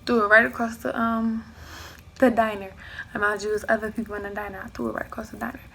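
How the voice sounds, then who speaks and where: A young woman vlogger telling a personal storytime, animated, acting out what people said and dropping into hushed asides. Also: a little high, quick pace, gravelly, slight background noise, rough recording. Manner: animated storyteller who acts out quoted dialogue, slips into hushed asides. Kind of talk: storytime chat.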